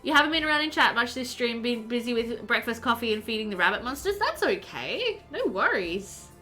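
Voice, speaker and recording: A woman's voice: fairly high pitch, very animated, brisk, bright, forceful tone, faint music behind. A woman streaming a life-sim game live, chatting loosely, laughing often and reading out her chat as she plays.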